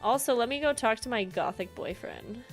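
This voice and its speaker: A woman's voice: on the high side, expressive, moderate pace, faint music behind. A woman streamer chatting casually with her viewers while she plays, rambling and laughing often. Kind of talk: casual gameplay chat.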